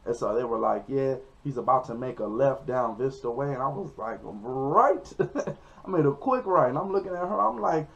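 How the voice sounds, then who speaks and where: A young man tells a story in casual vlog style, animated and leaping into high yelps when he acts out quotes. His voice is gravelly with some fry. The recording is dull and lo-fi. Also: brisk. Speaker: comedian telling a story.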